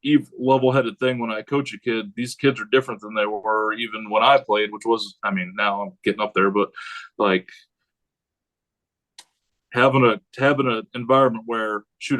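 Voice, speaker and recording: A man who is a high school head football coach, talking casually on a podcast in a rambling way and acting out what he says to players. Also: low-quality recording. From United States. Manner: rambling, animated, acts out quotes of himself.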